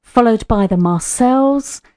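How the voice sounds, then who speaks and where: A woman co-presenting a radio show, brisk and lightly teasing as she backs up the host. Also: on the high side, dark tone, dry recording. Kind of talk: casual radio chat.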